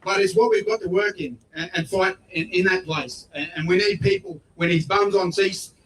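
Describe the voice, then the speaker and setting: A high-pitched Australian man speaks bluntly and folksily at a rally, driving his points up into shouts. He is middle-aged and talks in a loose, plain way. His voice is caught from a distance. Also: very animated, moderate pace, creaky. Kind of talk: outdoor rally speech. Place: outdoor rally. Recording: voice picked up from far off.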